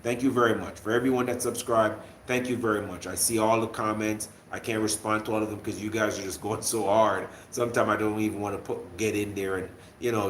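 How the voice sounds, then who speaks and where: A young man with a light Jamaican accent, his voice on the low side, chats loosely to his livestream viewers and restarts his sentences often. He sounds like he is in a room with a lot of echo and a faint hum behind him. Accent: Jamaican, usually toned down to an American accent. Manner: rambling, with many restarts and fillers. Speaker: livestream host. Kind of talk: casual livestream chat to viewers.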